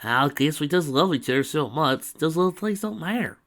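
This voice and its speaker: A down-to-earth farm pony woman, voiced by a man in a read-aloud fan story. She talks plainly and easily, her pitch moving with lively ease. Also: brisk. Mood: easygoing.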